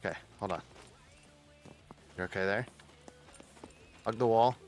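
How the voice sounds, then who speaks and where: A man's voice: fairly low pitch, unhurried, soft background music. A man giving casual running commentary while playing a survival game, muttering and swearing under his breath as he sneaks along. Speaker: gaming streamer.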